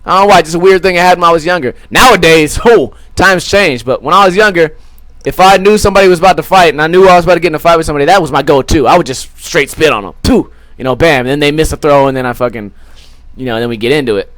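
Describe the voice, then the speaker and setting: A young man with a high voice tells a rambling, foul-mouthed story as a podcast host. He keeps slipping into quick put-on voices for the people in it. The sound is dry and close, with no room echo. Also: fairly bright tone. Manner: crude, rambling, swears a lot, acts out quoted voices. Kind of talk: casual storytelling.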